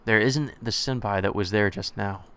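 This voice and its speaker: A man's voice: lowish voice, normal speed, a bit bright, clean tone. A man reading a visual novel aloud, with small stumbles and restarts. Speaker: let's play narrator. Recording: music playing behind.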